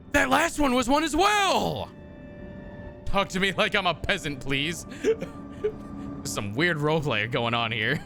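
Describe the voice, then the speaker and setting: A man's voice: a little high, very animated, measured pace, gravelly, long pauses, over music. A man streaming a game, reading its text aloud and joking with chat in a casual, profane, mock-exasperated way from his desk.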